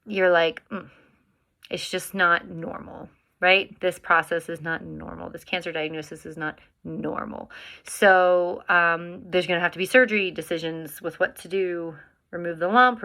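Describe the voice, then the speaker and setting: A woman's voice: fairly low pitch, sharp tone. A woman chatting casually to camera as a vlogger, rambling with plenty of fillers and restarts.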